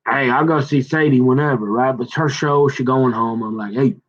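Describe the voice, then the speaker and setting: A man of middle pitch talks in a rambling, halting monologue, often slipping into a raised voice to act out bits of dialogue. The recording is dull and lo-fi, with the top end muffled. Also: steady tone. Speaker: vlogger.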